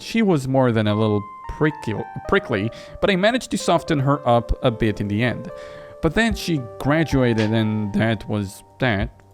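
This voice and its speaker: Chatty small-town gal, as a man reads her. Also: medium pitch. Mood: reminiscing. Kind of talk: reading game dialogue aloud.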